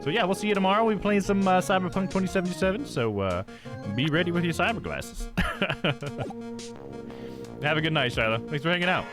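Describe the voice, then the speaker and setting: A man's voice: high-pitched, lively intonation, quick pace. A man streaming a game live, chatting casually with viewers, with laughing asides and swearing. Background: game music.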